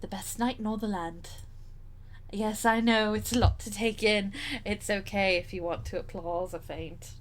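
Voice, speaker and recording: A woman voicing a boastful, haughty young male knight in a game, lowering her voice. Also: steady tone, moderate pace, slight background noise, natural voice. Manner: smug, haughty.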